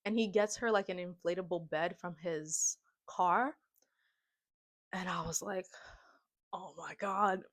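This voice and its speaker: A woman's voice: on the low side, measured pace. A young adult woman vlogging a casual movie recap and reaction, slangy and dramatic, with comic asides.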